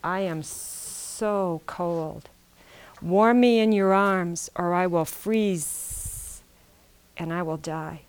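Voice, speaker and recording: A woman voicing a low, slow rattlesnake. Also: smooth. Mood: pleading. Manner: slow, drawn-out pleading. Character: cunning cold rattlesnake, pleading.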